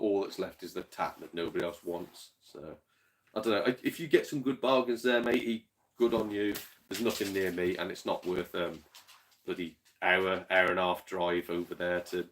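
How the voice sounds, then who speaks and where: Guy streaming to chat, rambles and swears a lot, lowish voice, gets ranty. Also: steady tone, a bit bright. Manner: rambling, swears freely, chuckles, quick to rant. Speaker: game collector streamer. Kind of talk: casual livestream chat with viewers.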